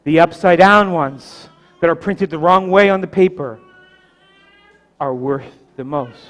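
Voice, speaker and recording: An insistent old army grandpa showing off his stamps, lecturing with a lot of "no, no", voice sitting up high, as a preacher acts him out in a sermon. it's his own everyday voice barely changed. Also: measured pace, a bit bright, faint music behind. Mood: explaining. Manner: lecturing, repeating "no, no". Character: older male army-veteran grandfather, stamp collector, insistent.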